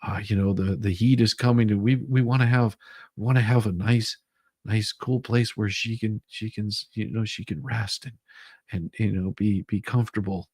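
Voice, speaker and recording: A hushed, wheedling fundraiser begging for money, as a man mimics one. The voice is low, gravelly and husky, and it pleads steadily. The recording is dry and close. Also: fairly even intonation, normal speed, no echo. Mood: pleading.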